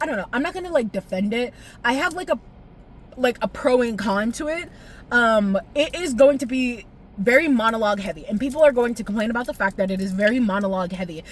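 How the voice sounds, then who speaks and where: Excitable young woman gushing on camera. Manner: expressive, profane, laughs often, jumps pitch when excited. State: tearful at times. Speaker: vlogger. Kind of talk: casual animated recap.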